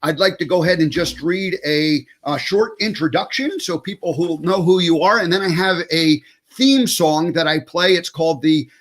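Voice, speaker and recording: A man's voice: a little high, moderate pace, hardly any pauses, fairly bright tone. Rambling man hosting a talk show. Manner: rambling, loose with fillers and restarts. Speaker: show host.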